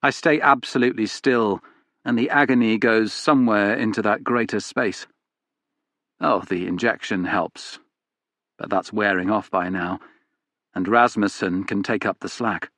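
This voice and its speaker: A man reading a novel aloud in first person, in a measured, even storytelling manner. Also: on the low side, no echo. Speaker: audiobook narrator. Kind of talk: first-person scripted narration.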